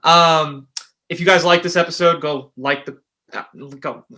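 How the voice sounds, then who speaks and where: Young male host, very bright, forceful tone, slightly high pitch, upbeat and slangy. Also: fairly even intonation, a little slow. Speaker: podcast host. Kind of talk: casual conversation.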